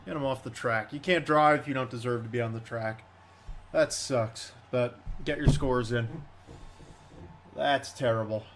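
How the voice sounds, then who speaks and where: A man giving live commentary on a simulated monster truck event, chatty and excitable, grumbling sarcastically between runs. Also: medium pitch, a little slow, slight background noise.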